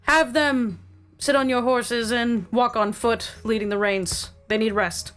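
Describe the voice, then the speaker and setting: A woman voicing a calm male knight who leads a rescue and gives brisk orders. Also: on the high side, faint music behind. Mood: commanding.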